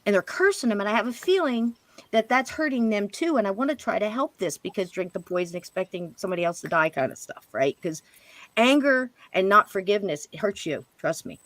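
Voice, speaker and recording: A middle-aged woman telling a personal story in a casual, animated way, jumping higher when she quotes people. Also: fairly quick, no room sound. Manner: animated, jumps to higher pitch when quoting others. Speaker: podcast guest.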